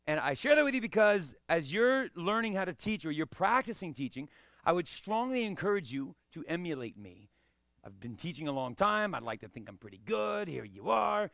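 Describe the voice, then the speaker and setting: Brief: male karate teacher, gravelly and bright, dry close sound. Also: fairly high pitch, very animated, normal speed, no echo. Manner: coaching, encouraging, checks understanding often. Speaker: karate instructor. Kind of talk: live martial arts class teaching.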